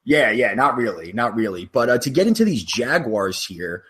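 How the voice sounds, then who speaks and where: A man's voice: medium pitch, very animated, normal speed, fairly bright tone. Casual joking male podcast host. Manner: loose, joking, swears casually.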